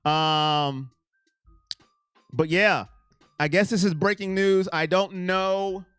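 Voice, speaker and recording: A man hosting a casual sports livestream, answering chat and swinging from loud to mumbling. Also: high voice, slow, clear, resonant tone, dry recording, soft background music. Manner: excitable, reads chat names aloud, swings from loud to mumbling. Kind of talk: casual live-chat commentary.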